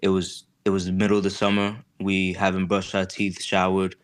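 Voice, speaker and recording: A young man telling the story of his jail stay in a halting, conversational way, with many fillers and restarts. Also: low-pitched, monotone, clean tone. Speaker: client describing his case.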